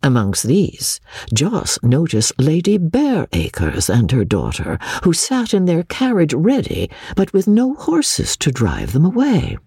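Slow, gravelly male storyteller. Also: a little high, no echo, studio quality. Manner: expressive storyteller's reading. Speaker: narrator. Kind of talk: audiobook narration.

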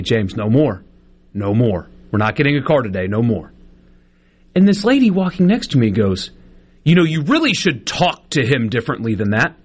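A man in his thirties on a sports talk radio show, his voice a touch high and swinging widely as he tells an indignant story. He stammers and restarts, piling up outrage. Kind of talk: casual radio banter.

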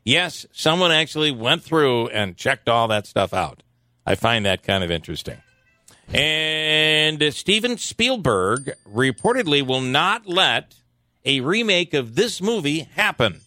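Chatty radio host guy, bright forceful voice, dry close sound. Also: a little high, unhurried, dry recording. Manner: relaxed, chatty, many fillers. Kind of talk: casual chat and news items.

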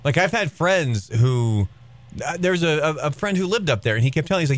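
A man's voice: a little high, expressive, a little fast. A man co-hosting a casual talk show, rambling along with a lot of fillers and restarts. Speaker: co-host. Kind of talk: casual chat.

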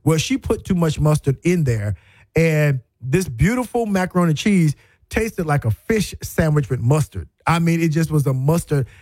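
A middle-aged man, hosting a radio talk show and telling a family story in an animated, emphatic, folksy way. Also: fairly high pitch, moderate pace, dry recording. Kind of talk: storytelling monologue. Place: radio studio.

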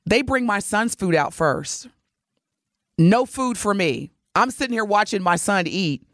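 A woman co-hosting a radio talk show, telling a story with animated flair and laughing as she talks. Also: medium pitch, a little slow, dry recording, studio quality. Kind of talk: casual radio banter. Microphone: studio microphone.

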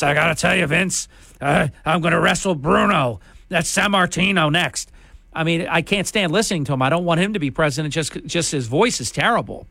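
A man's voice: fairly high pitch, a bit bright, no echo. Combative male talk radio host. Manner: combative, scornful, emphatic. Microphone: studio microphone.

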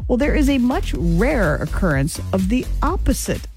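A woman's voice: fairly high pitch, moderate pace, soft background music. A woman co-hosting a morning radio show in a studio, chatting and telling stories with frequent laughs. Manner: chatty, laughs often, animated storytelling. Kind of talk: casual morning radio banter. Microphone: studio microphone.

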